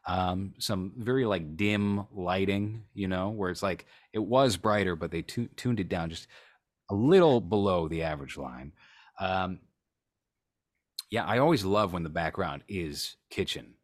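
Deep-voiced sarcastic man chatting. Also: measured pace. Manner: sarcastic, dry. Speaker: podcast co-host. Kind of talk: casual chat reacting to a video.

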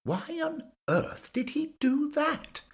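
A man voicing Bill, a calm, knowing older male ghost who explains things patiently and matter-of-factly. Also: very high voice, slow pace, creaky, pitched above the performer's own voice, heavily acted. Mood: explaining.

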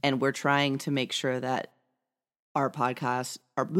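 A woman with a low voice co-hosts a podcast in loose, casual chat. She rambles, circles back on herself and restarts her sentences. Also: flat delivery, unhurried, a bit bright, clear, resonant tone. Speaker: podcast co-host.

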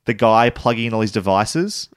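A man's voice: on the low side, animated, moderate pace, clear, resonant tone, no room sound, clean studio sound. A man co-hosting a casual podcast chat, easygoing and thoughtful, drifting into asides. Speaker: podcast co-host.

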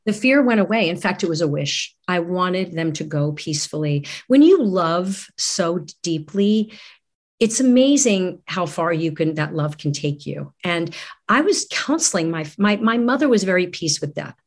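A woman's voice: fairly low pitch, expressive, normal speed. Earnest middle-aged woman reflecting. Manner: earnest, reflective, frequent restarts. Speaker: guest. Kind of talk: candid conversation.

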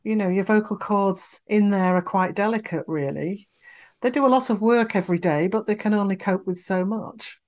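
Expressive woman voice coach. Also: mid-range voice, normal speed. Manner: expressive, demonstrates vocal examples. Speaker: voice coach guest. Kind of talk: conversational podcast interview.

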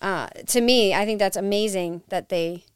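A woman guest on a podcast, telling her paranormal investigation story in a casual, animated way and acting out quotes. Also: medium pitch, moderate pace, smooth, no echo.

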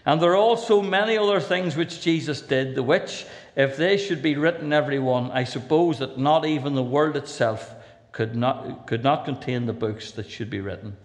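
Older Northern Irish preacher in an echoing hall. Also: male voice, mid-range voice, normal speed. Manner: reads scripture aloud with rising emphasis, adds dry humorous asides. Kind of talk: sermon.

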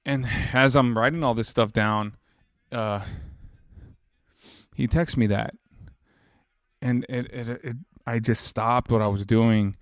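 A man's voice: medium pitch, steady tone, takes it slowly, long pauses, no echo, studio quality. A man in his thirties telling an emotional personal story in an earnest, reflective way, rambling with many restarts and growing more emphatic as he makes his points. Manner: grows louder and more emphatic when making a point.

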